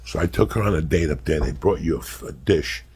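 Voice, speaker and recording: A man's voice: extremely low pitch, fairly quick, a little mellow, slightly rough. A middle-aged man hosting a podcast, telling rambling, profane stories and laughing often as he goes. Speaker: podcast host. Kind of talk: casual podcast storytelling.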